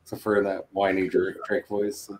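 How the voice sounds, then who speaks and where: Wry man with a lowish voice. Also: monotone, a little slow, noisy background. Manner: joking, wry commentary. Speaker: co-player. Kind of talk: casual gaming chat.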